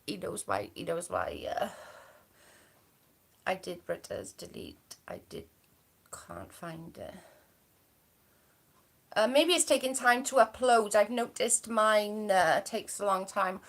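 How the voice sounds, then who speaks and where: A woman hosting a live stream in a relaxed, chatty way. She reads her viewers' comments aloud and answers them as she goes. Her voice sits at an ordinary pitch for a woman. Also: takes it slowly, creaky, long pauses. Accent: non-local. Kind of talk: casual live-stream chat.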